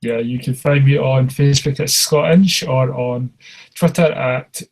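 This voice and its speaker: Brief: husky, gravelly British man in his thirties, halting fan-podcast co-host. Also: medium pitch, steady tone, darkish tone, rough recording. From United Kingdom. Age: 30s. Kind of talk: casual podcast chat.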